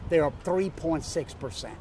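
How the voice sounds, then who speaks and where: A man in his sixties with a Louisiana Southern accent, a political candidate giving an emphatic campaign pitch in an interview, driving home his points with repeated lists. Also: moderate pace, darkish tone, slight background noise. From North Louisiana, USA. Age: 60s. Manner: emphatic, repetitive rhetorical lists.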